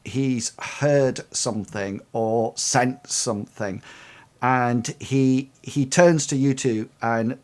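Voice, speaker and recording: Man narrating a tabletop game as game master, slow and halting. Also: mid-range voice, a little mellow. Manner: hesitant, many ums and restarts.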